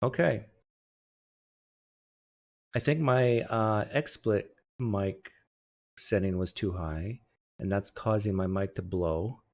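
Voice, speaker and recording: A man's voice: fairly low pitch, slow, long pauses. A man hosting a casual livestream, joking sarcastically while he fights his microphone settings at a home streaming setup. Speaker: host. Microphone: desktop streaming mic.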